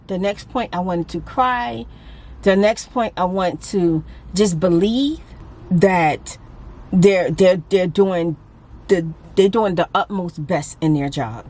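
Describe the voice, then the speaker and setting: A woman's voice: medium pitch, a little mellow, a little hiss or hum. A woman vlogging casually, venting her frustration in a talkative, laughing way. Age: adult with a grown daughter. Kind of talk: casual vlog talk.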